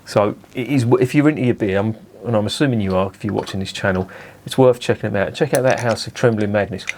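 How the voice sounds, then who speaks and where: A man's voice: on the low side, quick pace, darkish tone. A man giving a casual beer review, blunt and enthusiastic, swearing freely.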